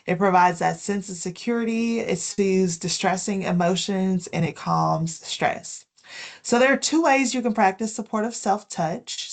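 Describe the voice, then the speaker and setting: A woman presents a wellness lesson in a gentle, explanatory way. She works through prepared tips and then unpacks each one in plain words, with casual fillers along the way. Her voice sits at an ordinary middle pitch. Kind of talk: health education talk.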